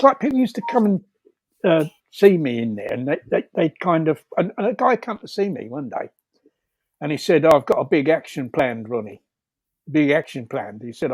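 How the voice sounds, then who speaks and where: A man's voice: high voice, darkish tone, no echo. A man telling rambling anecdotes over a video call, laughing often, with many fillers and restarts. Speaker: storyteller guest.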